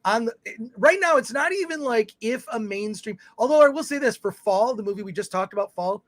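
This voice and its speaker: An extremely high-pitched man with lively intonation speaks briskly, with no room sound. He co-hosts a live film talk show, chatting casually, rambling through his points with many restarts, and reading viewer comments out loud.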